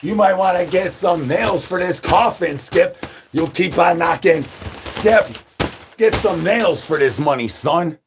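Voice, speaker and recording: A high-pitched man speaks at a measured pace over a noisy background in a crude, absurd comedy monologue. He's a comedy streamer rattling off rhyming nonsense and repeated catchphrases while calling for brains like a zombie.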